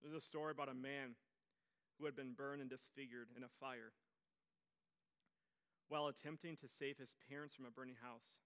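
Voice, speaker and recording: A male pastor preaching a sermon, telling stories and acting out quoted voices, swinging from loud bursts to hushed near-whispers. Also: mid-range voice, fairly even intonation, normal speed, pauses often, clear, resonant tone.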